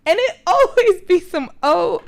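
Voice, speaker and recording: A woman's voice: extremely high pitch, animated, measured pace, creaky. A woman co-hosting a podcast, chatting casually and laughing along. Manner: laughing, reacting with short backchannels. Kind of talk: casual chat.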